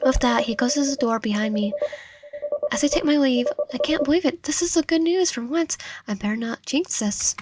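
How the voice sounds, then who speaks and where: A woman reading a visual novel aloud in first person, expressive, with stumbles and asides. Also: high voice, normal speed, noisy background. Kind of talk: dramatic game read-through with asides.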